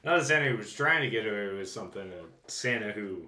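A man's voice: on the low side, animated, quick pace, a crowd in the background. A young man co-hosting a casual chat show, joking in a dry way. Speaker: podcast co-host. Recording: roomy echo.

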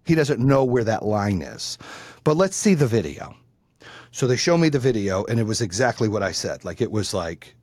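A man's voice: mid-range voice, darkish tone, slightly rough, dry recording, clean studio sound. A man telling a heated personal story in casual chat, blunt and profane.

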